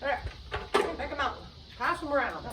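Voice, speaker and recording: A chatty woman hosts her show at home, rambling about her yard and guests between songs. Her voice is high and sounds roomy, picked up from a distance, with ukulele music loud behind her. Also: expressive, normal speed, very noisy. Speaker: show host and singer. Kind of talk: casual chat and singing with ukulele. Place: home room with doors open to a yard.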